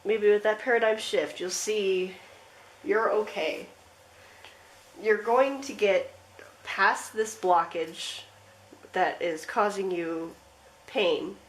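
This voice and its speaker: A woman giving a pick-a-card tarot reading, talking in a gentle, rambling way with lots of fillers. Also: mid-range voice, fairly even intonation, takes it slowly, long pauses, slight background noise, poor audio. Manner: rambling, gentle, with frequent fillers and soft laughs. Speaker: tarot reader.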